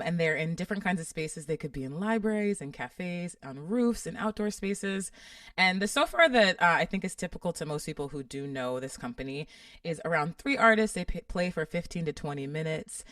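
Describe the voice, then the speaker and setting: A woman's voice: sits low, a bit bright, no echo, far from the mic. A woman co-hosting a podcast in casual chat, upbeat and teasing. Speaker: podcast co-host. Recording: dry, a bit off-mic.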